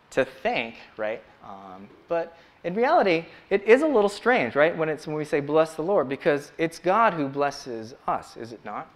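Man preaching a relaxed, chatty sermon. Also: mid-range voice. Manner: conversational, frequent ums and uhs; slow, solemn scripture reading. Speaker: church elder preaching.

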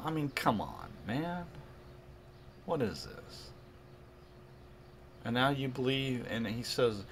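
Slow, emphatic male preacher. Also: lowish voice, slight background noise. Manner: slow, emphatic scripture reading with mocking asides. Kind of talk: video sermon commentary.

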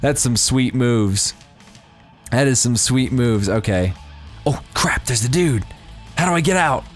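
A young man commenting on a game as he plays, giddy and breaking into high-pitched squeals of surprise. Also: measured pace, faint music behind. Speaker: gameplay commentator. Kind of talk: excited let's-play commentary.

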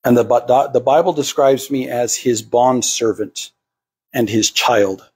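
A man's voice: medium pitch, a little slow, a little mellow, breathy edge. A man preaching to a congregation, acting out the voices of the people he quotes. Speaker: pastor. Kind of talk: sermon.

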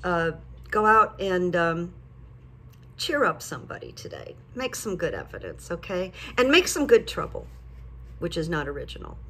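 An older woman chats straight to her viewers in a casual vlog, telling everyday stories. Her manner is chatty and lively, and it gets animated whenever she retells a moment. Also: lowish voice, normal speed, husky. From United States. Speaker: vlogger and psychic coach. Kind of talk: casual talk to camera.

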